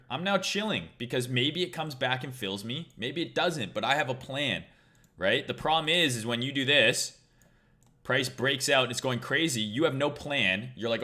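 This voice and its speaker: A man's voice: medium pitch, moderate pace, pushed and bright. A man hosting a trading livestream, talking casually in a blunt, profane, rambling way.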